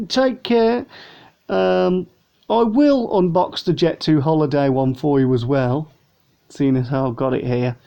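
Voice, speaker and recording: A vlogger chats casually through a model plane unboxing review, rambling and sounding a little tired. His voice is somewhat high, gravelly, and dark in tone, in a dull lo-fi home recording.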